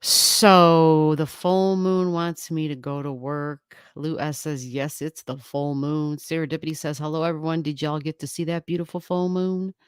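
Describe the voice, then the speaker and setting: A woman's voice: low-pitched, fairly even intonation, normal speed, hardly any pauses, clear, resonant tone, no room sound, studio quality. A woman hosting an astrology livestream, chatting casually and rambling as she greets viewers and reads comments, laughing often and swearing lightly. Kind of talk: casual live-stream chat reading viewer comments.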